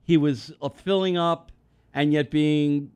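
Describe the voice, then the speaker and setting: A man's voice: a little high, a little slow, smooth, dry recording. A man hosting a talk radio show, telling rambling stories in casual chat with lots of restarts. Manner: rambling, animated storyteller with restarts. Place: radio studio.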